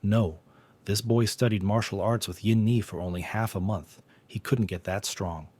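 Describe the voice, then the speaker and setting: An irritated young woman gang boss muttering in exasperation in a story recap, read by a man in his low voice. There is no real shift into a female voice. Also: steady tone, moderate pace, darkish tone, slightly rough. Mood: puzzled.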